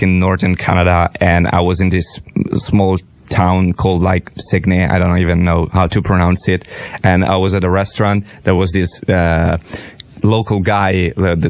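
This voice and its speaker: A man's voice: deep voice, no room sound. A man whose first language is Italian, speaking English with an Italian accent as a guest in casual radio chat, laughing often and repeating words.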